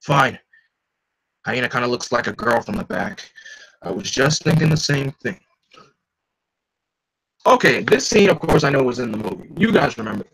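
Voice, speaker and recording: A man's voice: mid-range voice, very animated, moderate pace, creaky, long pauses, fairly bright tone, breathy edge, rough recording. A man reading a comic aloud live, chatty, stopping often to comment and joke. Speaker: reader.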